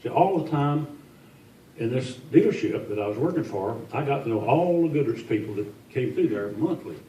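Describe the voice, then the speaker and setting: Speaking at normal speed in an expressive, dark-toned voice of medium pitch, an older man from Tennessee entertains as an after-dinner guest speaker with folksy, joking, self-mocking tales. The distant recording from a large, echoey indoor hall is muffled, with a little hiss or hum.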